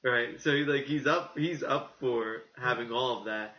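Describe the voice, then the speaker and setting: A man co-hosting a casual podcast, talking in an animated, rambling way and acting out the quotes he tells. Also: medium pitch, a little slow. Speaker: podcast co-host. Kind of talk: casual chat. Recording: muffled, echoey room.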